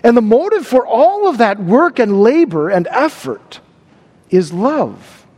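A man's voice: very high voice, big pitch swings, a little slow, a little mellow, long reverb tail. A man preaching a sermon, stressing and repeating key words. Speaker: pastor.

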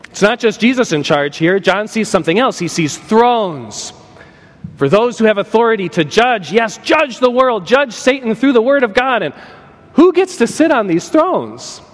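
A man preaching an animated sermon as a pastor, playful and joking, acting out little voices as he tells the story. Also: very high voice. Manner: playful, acts out voices and jokes. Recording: long hall reverb.

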